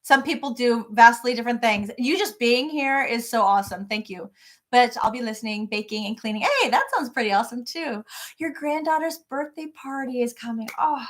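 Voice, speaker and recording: Middle-aged woman, slightly high voice, bubbly live-stream host chatting from her home office. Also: lively intonation, brisk, a bit bright. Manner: bubbly, greets viewers by name. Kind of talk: casual live-stream chat.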